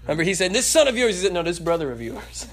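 High-voiced animated male preacher. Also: quick pace. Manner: animated, acts out voices, laughs and jokes. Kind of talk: sermon.

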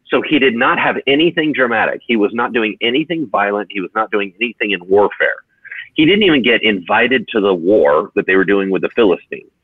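A man who is a pastor, teaching in a conversational, energetic way on a podcast. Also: on the low side, slightly rough, dry recording. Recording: tinny phone-like dry sound.

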